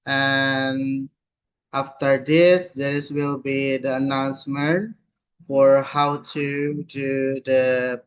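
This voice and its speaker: A man's voice: mid-range voice, smooth. A man hosting a storytelling contest in a casual, slightly hesitant way. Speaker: contest host. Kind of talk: event hosting.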